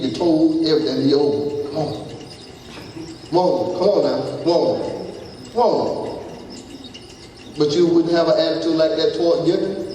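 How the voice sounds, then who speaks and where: A man preaching a sermon, firing questions at the congregation and swinging between shouts and low asides. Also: slight background noise. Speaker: pastor. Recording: echoey hall, taped from far off.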